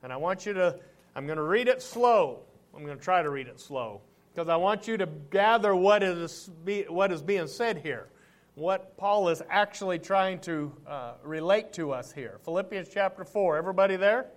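A middle-aged man preaching a sermon as pastor, talking to the congregation in a conversational way and slowing down to read scripture aloud. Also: high voice, expressive.

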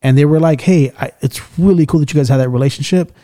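A man with a fairly high, quick, warm voice hosts a podcast in casual chat. He's loose and swears a lot while telling stories and acting out the people in them.

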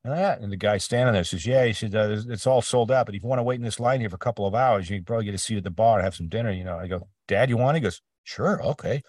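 A man's voice: lowish voice, rapid-fire, hardly any pauses, darkish tone, dry recording, studio quality, far from the mic. A man being interviewed about his voice acting career, telling stories with many restarts and acting out the people he quotes. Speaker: voice actor guest. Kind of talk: casual interview conversation.

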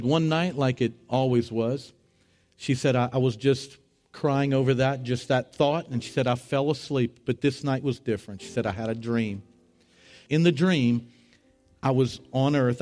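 A middle-aged man preaching as a pastor, telling a story with animated, rising voices for the people in it. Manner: animated, rising to high excited voices when retelling dialogue. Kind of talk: sermon storytelling.

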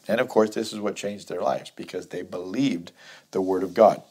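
A man with a low, warm voice that has a breathy edge teaches through a Bible chapter verse by verse at a moderate pace. He reads the scripture aloud, then explains it conversationally.

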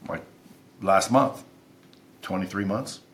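A man's voice: low-pitched, slow pace, fairly bright tone. A man who is a podcast guest, telling stories in an emphatic, intense way and swearing freely. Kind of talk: casual interview storytelling.

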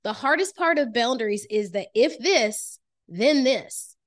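High-voiced, emphatic woman coaching listeners. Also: lively intonation, unhurried. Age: adult with children. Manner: emphatic, repeats key phrases, addresses listener directly. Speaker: life coach and podcast host. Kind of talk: motivational master class talk.

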